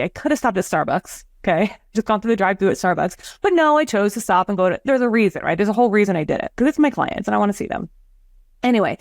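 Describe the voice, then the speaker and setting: A woman's voice: medium pitch, dry recording, studio quality. A woman who works as a real estate agent and hosts a show, chatting casually and telling stories with acted-out quotes. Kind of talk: casual livestream chat.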